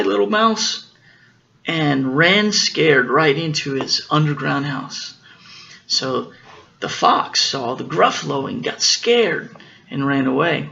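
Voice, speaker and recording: A father reading a picture book aloud to his children, gently explaining the story as he goes. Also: fairly high pitch, gravelly, highs cut off, slight background noise.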